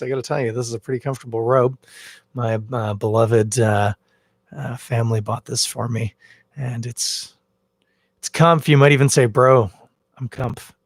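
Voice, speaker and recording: A man's voice: mid-range voice, no echo, clean studio sound. A man hosting a casual podcast livestream from home, rambling with self-mocking jokes. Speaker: podcast host. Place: at home, in a bathrobe. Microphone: headphones with a cable, phone camera.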